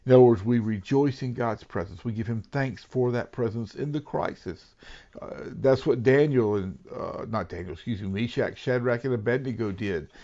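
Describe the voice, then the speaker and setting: A male pastor giving an earnest sermon, dropping to hushed whispers and then rising to emphatic, raised lines. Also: mid-range voice, lo-fi sound.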